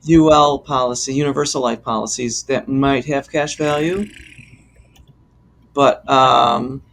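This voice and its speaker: A man co-hosting a podcast, explaining insurance questions in a measured, hesitant way with many fillers. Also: medium pitch, steady tone, gravelly, fairly bright tone, slight background noise. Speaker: insurance expert co-host. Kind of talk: explanatory casual chat.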